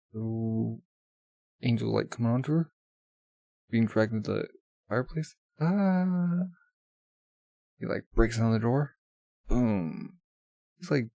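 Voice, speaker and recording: A man's voice: medium pitch, gravelly, mellow, dry recording. A man casually commenting while reading a manga, rambling with many fillers. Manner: rambling, full of "like" and laughs. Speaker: manga reaction vlogger.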